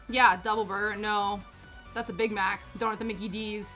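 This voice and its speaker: Giggly Canadian woman, bright voice. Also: mid-range voice, little pitch movement, normal speed. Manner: chatty, giggly, rambling with many fillers. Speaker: streamer. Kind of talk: casual chat on a crafting livestream. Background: background music.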